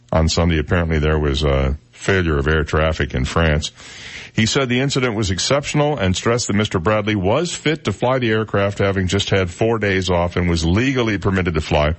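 A man hosting a radio talk show, chatting and joking as he reads out news stories. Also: deep voice.

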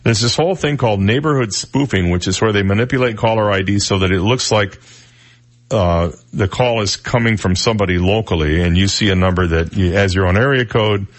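Gruff, opinionated male talk radio host. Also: on the low side, fairly quick. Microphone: studio microphone.

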